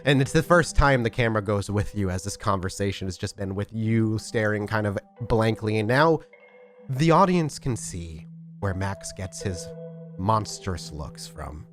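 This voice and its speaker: A man's voice: on the low side, normal speed, soft background music. A man narrating as storyteller of a tabletop role-playing game, descriptive and conversational. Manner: lively, descriptive narration with fillers.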